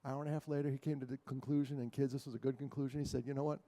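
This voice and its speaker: A middle-aged man giving a talk to an audience, animated, acting out quotes and joking with the crowd. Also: medium pitch, very fast. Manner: animated storyteller, acts out quotes, jokes with the crowd. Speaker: guest speaker. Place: large hall with an audience. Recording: long hall reverb.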